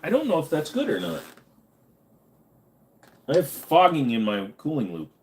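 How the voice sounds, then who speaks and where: A man's voice: fairly high pitch, wildly swooping pitch, normal speed, darkish tone, slight background noise. A man hosting a casual livestream, reading viewers' chat aloud and answering with loose, joking, profane banter. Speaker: livestream host.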